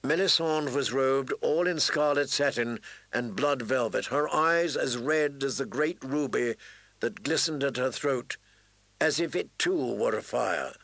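Brief: male audiobook narrator, slow and deliberate, bright tone, dry close sound. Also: mid-range voice, vocal fry, dry recording, low-quality recording. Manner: measured, deliberate. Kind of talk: scripted narration.

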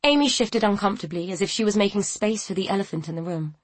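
A woman reading a novel aloud in a measured, even storytelling manner. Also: mid-range voice, no echo. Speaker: audiobook narrator. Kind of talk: scripted narration.

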